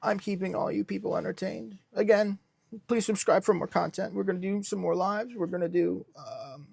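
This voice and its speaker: Deadpan young male streamer, high voice, dry close sound. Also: moderate pace, creaky, breathy edge, no room sound. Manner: deadpan self-styled businessman persona. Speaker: livestream host. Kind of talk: casual livestream chat reading comments.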